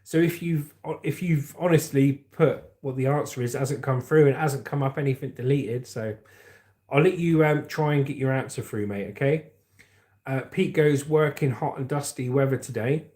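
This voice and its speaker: A man's voice: medium pitch, normal speed, a little mellow. A middle-aged man, hosting a casual livestream and chatting loosely while reading out viewer comments. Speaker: livestream host.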